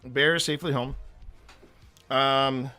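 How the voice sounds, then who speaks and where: Rambling, chatty host with a bright voice. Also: male voice, mid-range voice, steady tone, slow pace, clean tone, soft background music. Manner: rambling, self-mocking, many restarts. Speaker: paranormal investigation host. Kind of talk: casual chat.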